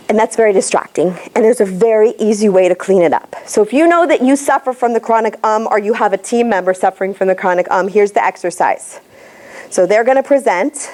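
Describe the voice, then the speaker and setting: A middle-aged woman giving a lively, direct workshop talk as a pitch coach to a room of listeners. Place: room with a live audience.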